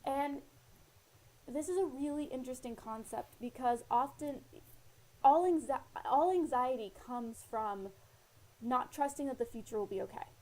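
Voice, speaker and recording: Speaking at a moderate pace, this woman has a high, slightly mellow voice, captured on a rough recording. Living in Australia, she vlogs earnest personal advice straight to camera in casual talk, wandering a bit with lots of fillers and retold dialogue.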